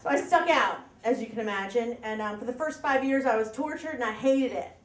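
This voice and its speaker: High-voiced woman telling a story on stage. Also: brisk, reverberant. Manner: chatty, self-mocking, laughs at her own lines. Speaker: storyteller at a live story slam. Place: live event room with audience. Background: audience laughter.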